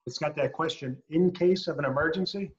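A middle-aged man from upstate New York doing a stand-up set over a video call from home, landing punchlines dry and slowed down. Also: a little high, muffled recording, slight background noise. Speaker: stand-up comedian. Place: a home, indoors.

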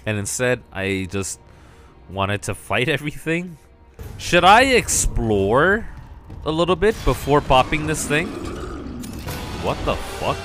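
Panicky man yelling over a horror game. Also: medium pitch, very animated, slow, pauses often. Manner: panicky, yelps and swears. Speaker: let's play gamer. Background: game music.

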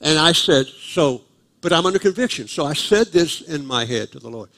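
Older man guest preacher, slightly high voice, dry self-mocking humor, live church sermon. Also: animated, moderate pace, fairly bright tone. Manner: humorous, self-deprecating storyteller. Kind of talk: storytelling sermon. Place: church sanctuary, live service.

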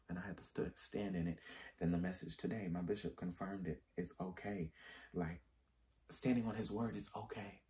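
Man, pastor, very low voice, mellow tone, candid testimony, slangy, emphatic preacher swings. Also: fairly even intonation, moderate pace. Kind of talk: personal testimony.

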